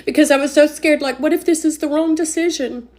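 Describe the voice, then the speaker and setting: A woman's voice: sits high, fairly even intonation, brisk, darkish tone. A woman giving an earnest, emotional personal faith testimony, full of "like" fillers.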